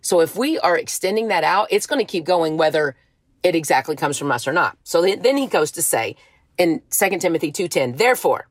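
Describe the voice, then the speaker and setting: A woman's voice: fairly low pitch, lively intonation, fairly quick, no room sound. A woman giving an earnest, emotional devotional talk, reading scripture and urging her listeners on. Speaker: faith speaker.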